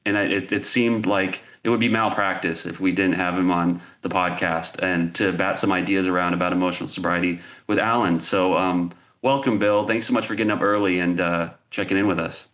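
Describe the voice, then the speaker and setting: A man hosting a podcast, introducing guests in an unhurried, hesitant way. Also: sits low, fairly even intonation, a bit bright. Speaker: podcast host.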